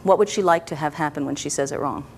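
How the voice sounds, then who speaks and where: A woman practitioner guiding a client through a therapy session, asking gentle, coaxing questions and checking in often. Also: sits low, quick pace, gravelly, slight background noise. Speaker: EFT practitioner.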